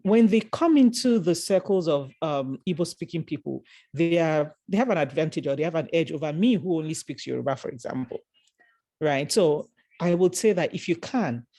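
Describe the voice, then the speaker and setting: A woman's voice: low-pitched, warm tone. A woman from Nigeria with a Nigerian accent, speaking earnestly on a panel call and advising parents, with frequent restarts. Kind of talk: community panel discussion.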